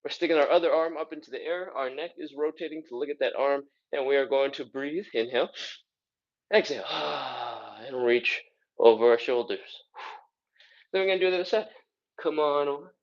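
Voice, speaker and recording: A man's voice: on the high side, brisk, muffled recording. A man coaching a live follow-along stretching workout, counting reps and out of breath as he exercises. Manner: counts reps aloud, casual and encouraging, sighing between moves. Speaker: fitness instructor.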